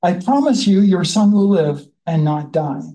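A Bible study leader in a conversational teaching style, reading scripture slowly and then musing about it in a chatty way. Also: medium pitch, animated, warm tone, poor audio.

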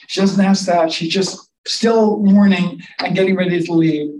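A man with a high voice preaches a sermon, talking it through conversationally and inviting listeners to imagine themselves in the scene. He stands off the mic, so the sound is roomy and a little distant, with faint ambience behind him. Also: steady tone, normal speed, hardly any pauses, darkish tone, slight background noise.

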